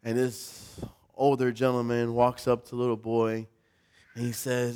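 A man's voice: medium pitch, completely flat delivery, a little slow, dark tone, smooth. A man in his thirties, a pastor preaching a sermon in a casual, storytelling way with light self-deprecating humor.

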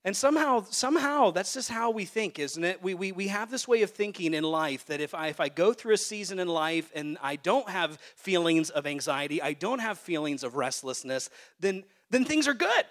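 A man who is a pastor, preaching a sermon to a congregation and swinging between hushed, soft phrases and loud, emphatic peaks. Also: on the high side, moderate pace, hardly any pauses. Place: church sanctuary.

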